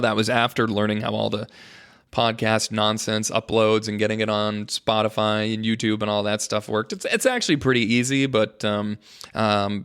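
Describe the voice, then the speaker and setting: A man's voice: on the low side, a bit bright. Rambling, jokey male podcast host. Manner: rambling, jokey, mock-dramatic asides to "folks". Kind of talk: casual solo podcast monologue.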